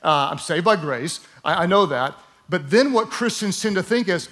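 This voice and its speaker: Here a male pastor delivers a sermon at a moderate pace, his high-pitched voice expressive and fairly bright. He speaks with emphasis, draws the congregation into saying words along with him, and adds lighthearted asides.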